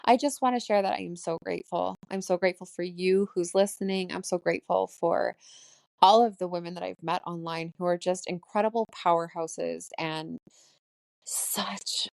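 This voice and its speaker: Solo podcast host, woman, late 30s, lowish voice, tearful and shaky, laughs between thoughts, dry close sound. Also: fairly even intonation, normal speed, gravelly, darkish tone, no echo. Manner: emotional, laughing through her words. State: voice shaking, close to tears. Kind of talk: solo spiritual diary podcast.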